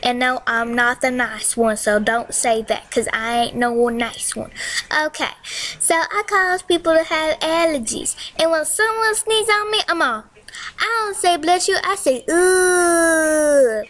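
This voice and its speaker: Woman doing a sassy pollen girl, high voice, takes her time, talks back to y'all. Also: measured pace, bright, forceful tone. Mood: playful. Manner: sassy, drawling, calls out to the audience. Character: sassy, unkind female pollen spirit. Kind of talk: comic monologue in character.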